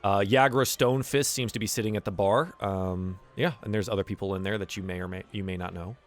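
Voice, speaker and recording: A man's voice: lowish voice, steady tone, a little fast. A man running a tabletop game as game master, narrating casually with plenty of fillers.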